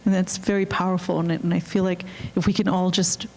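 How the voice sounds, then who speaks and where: Earnest woman with a low, even voice. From Canada. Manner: earnest, halting, many restarts. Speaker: film director at a Q&A panel. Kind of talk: reflective panel talk. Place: auditorium.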